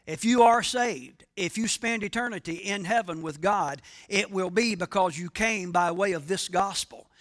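A man's voice: high voice, normal speed, few pauses, a bit bright. A male pastor preaching a sermon, speaking emphatically and asking his congregation questions.

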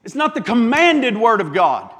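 A man's voice: extremely high pitch, sing-song, normal speed, a bit bright, big-room sound. A man, a pastor preaching a sermon in a church, impassioned, stacking repeated phrases and stumbling through restarts.

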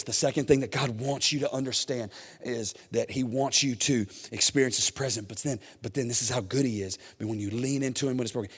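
A man's voice: medium pitch, slightly rough. Emphatic preaching man in a reverberant hall. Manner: animated, emphatic preaching with repetitions. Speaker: pastor. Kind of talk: sermon.

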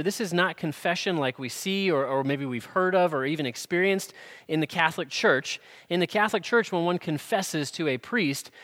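A man preaching a sermon as pastor, earnest, rising loud on emphasis and dropping soft on key words. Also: on the high side. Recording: long hall reverb.

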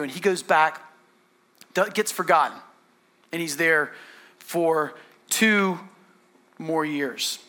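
Bright high-voiced man preaching a sermon. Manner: animated storytelling, acting out characters' lines. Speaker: pastor.

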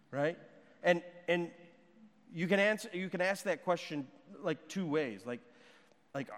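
A man with a notably high voice for his sex works through a Bible passage as a teacher. He keeps turning to his listeners with a questioning "right?" His voice rings out with a long, lingering reverb, like a large hall. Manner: checks in with the listener with frequent "right?".

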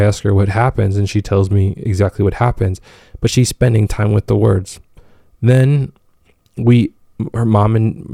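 A man's voice: fairly low pitch, vocal fry, warm tone, no room sound, clean studio sound. A man in his thirties, a father of five, talking casually about raising kids, with lots of fillers and restarts. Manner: rambling, with many fillers and restarts. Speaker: father of five giving parenting advice. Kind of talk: casual monologue.

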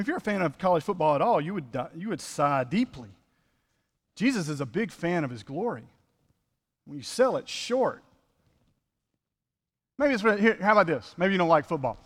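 A man's voice: high voice, in a large hall. A man preaching a conversational sermon as pastor, full of rhetorical questions.

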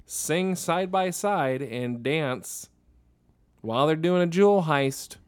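A man's voice: a little high, expressive, slow, smooth. A man co-hosting a podcast, chatting about films in a playful, jokey way with short interjections. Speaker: podcast co-host. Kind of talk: casual film discussion.

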